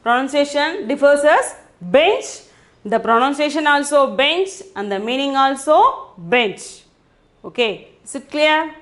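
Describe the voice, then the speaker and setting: A woman's voice: sits high, animated, a little slow, a bit bright. A woman teaching a language class, patiently repeating each point and often checking whether students understand. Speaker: Hindi teacher. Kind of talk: online language lesson.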